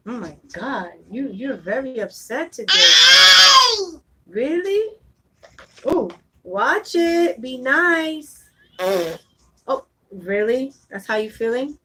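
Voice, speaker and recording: A woman's voice: high-pitched, big pitch swings, slow pace, long pauses, fairly bright tone, a little hiss or hum, low-quality recording. A woman vlogging at home, talking to her baby in a coaxing voice and chatting with viewers. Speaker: vlogger and mother. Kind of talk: casual home vlog chat.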